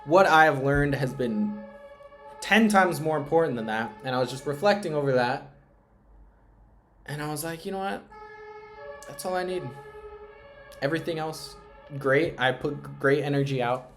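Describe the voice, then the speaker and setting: A young man thinks out loud through a live trading stream. His talk rambles and is peppered with swearing. He often trails off into a quiet mutter under his breath. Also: a little high, animated, normal speed, long pauses, faint music behind. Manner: rambling, profane, emotional self-talk. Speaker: trading livestreamer. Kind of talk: casual live-stream monologue.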